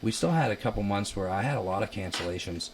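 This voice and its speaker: A young man from Ohio, a musician guest, telling stories in a casual chat, animated and laughing, loudly acting out quotes. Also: on the low side, fast talker, background noise. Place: basement.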